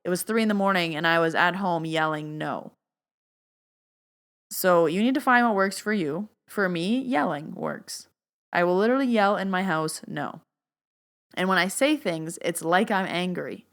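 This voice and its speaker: A woman hosting a podcast as a spiritual medium, chatty and emphatic, turning loud and stern when she stresses a point. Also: lowish voice, moderate pace. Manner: emphatic, stern and loud when quoting her own boundary commands; chatty, with "like" fillers and playful asides. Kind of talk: casual solo podcast talk.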